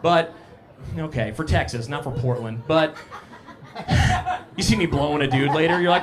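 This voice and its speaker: A young comedian with a creaky voice on the high side performs live stand-up at a comedy cafe, moving at a measured pace as he trades self-deprecating, casual banter with the crowd. Background noise can be heard.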